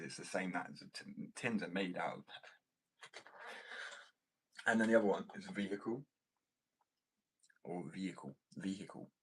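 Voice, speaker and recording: In a low-quality recording, an American streamer with a low, husky voice rambles and jokes while chatting casually with his viewers. He swears freely.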